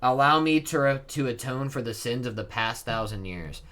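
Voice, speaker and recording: A man reading out a stern, remorseful giant king from a comic, speaking slowly and solemnly. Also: medium pitch, expressive, pushed and bright.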